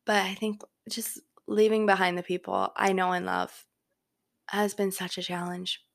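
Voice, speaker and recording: A woman's voice: mid-range voice, little pitch movement, moderate pace, creaky. A young woman hosting a casual solo podcast from her bedroom, rambling with lots of filler words. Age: young adult. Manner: rambling, filler-heavy chatter. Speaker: podcast host. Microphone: home microphone.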